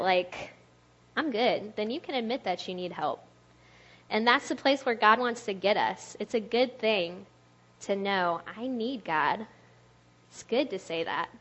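A woman's voice: mid-range voice, fairly bright tone. A woman delivers a casual sermon in a friendly, conversational voice. She laughs often and fills her talk with "like". The recording sounds slightly muffled. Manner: chatty, laughs often, uses "like" a lot. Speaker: speaker at a church youth talk.

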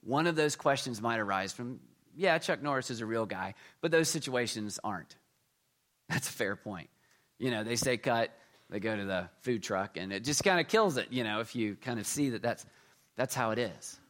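A middle-aged man delivering a sermon with a humorous storyteller's touch. He leans hard into his punchlines, then drops to near-quiet asides. His voice sits at an ordinary male pitch. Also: lively intonation, moderate pace. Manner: humorous storytelling, swings between loud emphasis and quiet asides. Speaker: pastor.

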